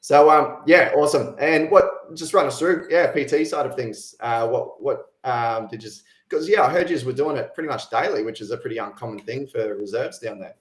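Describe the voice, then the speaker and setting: Male coach host, mid pitch, relaxed halting questions, echoey room sound. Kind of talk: casual interview questions.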